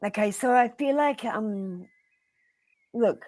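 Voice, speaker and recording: A woman with an Australian accent giving blunt, earnest tarot readings on a live stream, pausing often with ums. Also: fairly high pitch, darkish tone, no room sound. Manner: blunt and earnest, addressing viewers by name; frequent ums and pauses. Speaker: tarot reader.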